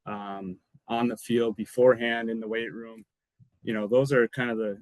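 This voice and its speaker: A man's voice: lowish voice, steady tone, normal speed, a little mellow, no room sound, poor audio. A man, a former college football lineman, casually telling rambling stories as a podcast guest and laughing between anecdotes. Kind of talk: casual storytelling.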